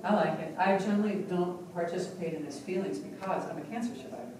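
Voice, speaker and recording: A woman presenting a live hypnotherapy teaching demonstration in an expressive, conversational way, recorded from a distance in a large conference hall. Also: fairly low pitch, quick pace. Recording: echoey hall from far off with noise.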